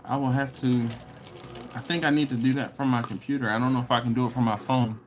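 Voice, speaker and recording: A laid-back man hosts a barbecue live stream in an easygoing, slangy way, greeting viewers with "what up" and chuckling between their comments. His voice sits at an ordinary middle pitch. He has a runny nose and stops now and then to cough. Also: flat delivery, fast talker. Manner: laughs often between comments. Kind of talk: casual live-stream chat, reading viewer comments aloud.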